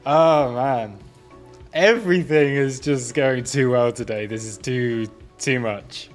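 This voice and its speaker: A man's voice: medium pitch, slow pace, faint music behind. A man hosting a live trading stream, talking casually and laughing at himself often. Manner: chatty, self-amused, laughs often. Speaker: livestream trading host.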